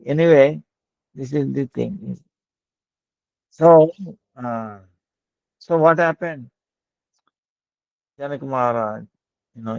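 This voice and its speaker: A man's voice: mid-range voice, vocal fry, a little mellow, no room sound. A man preaching a devotional sermon as a folksy, chuckling storyteller. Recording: dull lo-fi dry recording.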